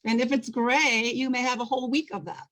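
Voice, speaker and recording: A woman's voice: a little high, fairly even intonation, fairly quick, fairly bright tone, poor audio. A woman from Germany, hosting an interview in an enthusiastic, encouraging way. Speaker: interview host. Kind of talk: conversational interview.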